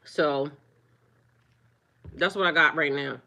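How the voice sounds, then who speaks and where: A woman talking live to her viewers, firmly scolding trolls in a preachy, drawn-out way. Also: low-pitched, creaky, pushed and bright. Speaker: livestreamer. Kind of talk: live-stream chat with viewers.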